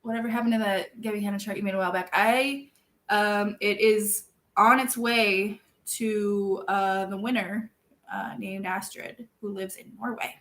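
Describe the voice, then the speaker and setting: A young woman chatting casually with her viewers, self-deprecating and laughing often, jumping from loud outbursts to quiet mumbles. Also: medium pitch, steady tone, unhurried. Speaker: streamer reading viewer chat. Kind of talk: casual chat.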